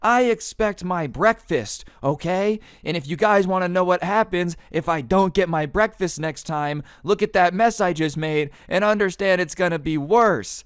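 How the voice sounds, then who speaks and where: A man's voice: normal speed, few pauses, clean tone, no echo, studio quality, lightly acted. A man putting on a screaming entitled woman. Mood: menacing. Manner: shrill, screaming, high put-on voice. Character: furious entitled woman customer, loud and threatening. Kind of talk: storytime narration.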